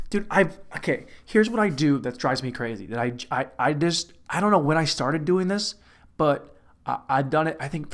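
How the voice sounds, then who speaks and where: A young man hosting a casual comedic monologue, rambling and poking fun at himself. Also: fairly high pitch. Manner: rambling, self-mocking, trails off and restarts. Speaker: host.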